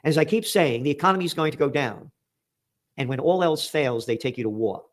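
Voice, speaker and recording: A man's voice: a little high, lively intonation, fairly quick. An American man hosting a political commentary show, reading news headlines aloud and ranting about them with sarcastic, emphatic outbursts. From United States.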